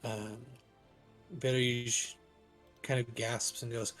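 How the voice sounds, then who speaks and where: Slow gravelly man narrating a game. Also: mid-range voice, steady tone, faint music behind. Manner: slow, halting narration with restarts. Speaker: game master.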